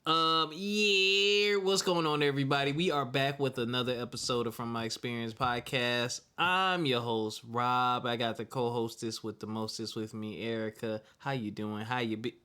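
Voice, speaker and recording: A man's voice: medium pitch, steady tone, normal speed, hardly any pauses, pushed and bright, clean tone. A man hosting a podcast in casual, loose, slangy chat, joking with his co-host.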